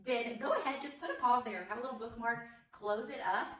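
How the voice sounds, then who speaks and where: A woman teacher reading a picture book aloud and giving teaching tips, in an animated sing-song way with exaggerated yawns. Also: fairly high pitch, fairly quick, roomy sound. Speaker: early childhood teacher.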